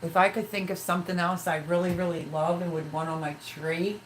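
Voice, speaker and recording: A woman's voice: lowish voice, flat delivery, a little fast, slight background noise, rough recording. A middle-aged woman hosting a casual live stream, talking candidly and emotionally in a rambling way while reading viewer comments. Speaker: livestream host.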